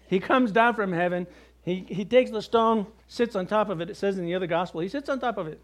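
High-voiced male preacher, conversational. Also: fairly quick. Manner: conversational preaching with jokes and acted quotes. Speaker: pastor. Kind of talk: sermon.

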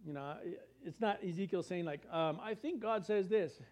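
A man with a notably high voice delivers a sermon in an easy, conversational manner. He keeps asking his listeners questions and puts on quick voices for the people he quotes. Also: darkish tone. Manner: conversational preaching, asks rhetorical questions and acts out quotes. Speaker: pastor.

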